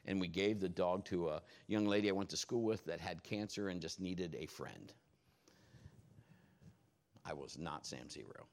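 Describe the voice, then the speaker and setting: A man preaching a sermon, telling stories in a jokey, animated way. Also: low-pitched, normal speed, long pauses.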